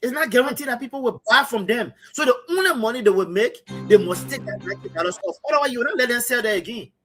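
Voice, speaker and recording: A man's voice: very high-pitched, expressive, quick pace, fairly bright tone, faint music behind. Liberian-accented male host, impassioned commentary, keeps hammering his points. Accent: Liberian English. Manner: emphatic, repetitive, addresses co-host as brother. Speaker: talk show host. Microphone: streaming setup.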